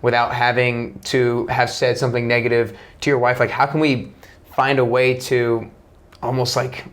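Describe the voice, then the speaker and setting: A man's voice: medium pitch, little pitch movement, moderate pace, fairly bright tone. Male podcast host asking searching questions. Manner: thoughtful, searching phrasing with restarts. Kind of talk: interview questions.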